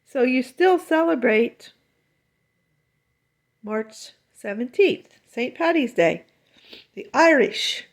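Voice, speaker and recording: A woman's voice: high-pitched, animated, takes it slowly, pauses often. A woman chatting to her dog in doting, sing-song baby talk, recorded at home. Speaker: dog owner. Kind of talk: casual talk to her pet.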